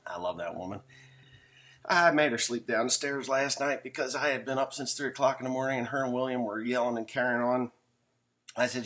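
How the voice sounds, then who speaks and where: A man's voice: mid-range voice, brisk, noisy background. A man who farms and talks in a casual, rambling monologue with jokes and frequent asides. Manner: joking, rambling, self-interrupting. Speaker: farmer vlogger.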